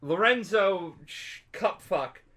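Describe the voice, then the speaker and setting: Tipsy male podcast co-host, bright tone, rambling storyteller who swears freely. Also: high-pitched, expressive, slow pace. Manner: rambling, swears a lot, acts out characters in loud voices. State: drunk. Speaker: podcast co-host explaining a video game. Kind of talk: casual drunk storytelling.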